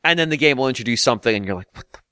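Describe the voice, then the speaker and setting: A man's voice: medium pitch, lively intonation, racing, bright, forceful tone, clear, resonant tone, no room sound, clean studio sound. A man hosting a casual gaming podcast, ranting with exasperated, profane humor and frequent laughter. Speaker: podcast host.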